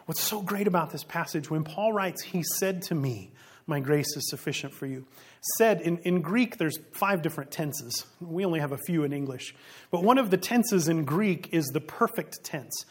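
A man preaching a sermon in an earnest, conversational way, asking rhetorical questions and chuckling now and then. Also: high voice. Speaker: pastor.

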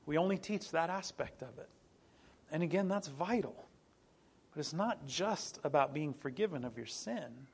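A middle-aged male pastor delivers a sermon in a higher voice. He teaches earnestly, repeats key phrases for emphasis and breaks into small laughs and restarts along the way. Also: animated, normal speed, gravelly, breathy edge.

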